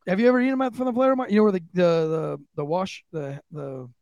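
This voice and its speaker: A man co-hosting a podcast in chatty, teasing casual talk that is full of fillers. His voice is a bit high and has a rough, gravelly edge. The recording is close and dry. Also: quick pace, a little mellow, dry recording, muffled recording. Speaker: podcast co-host. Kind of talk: casual chat.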